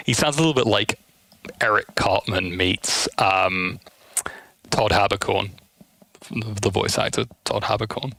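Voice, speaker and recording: Animated guy streaming from home, bright tense voice, dry headset sound. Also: lowish voice, a little slow, long pauses, no echo. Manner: animated and chatty, speeding up in asides. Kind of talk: casual stream chat. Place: home room at night.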